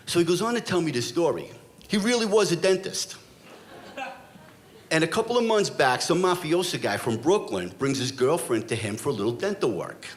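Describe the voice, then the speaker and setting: A middle-aged man telling a true police story on stage before a live audience. His slightly high voice swings widely as he builds the drama with blunt, street-tough talk. Faint room ambience sits behind him. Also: sing-song, moderate pace, a little hiss or hum. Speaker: storyteller, former police officer.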